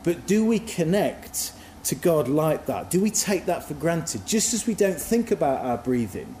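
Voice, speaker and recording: A man's voice: on the high side, big pitch swings, a little slow, mellow, echoey room, a little hiss or hum. A man giving a sermon in a reflective, musing, conversational way. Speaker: preacher.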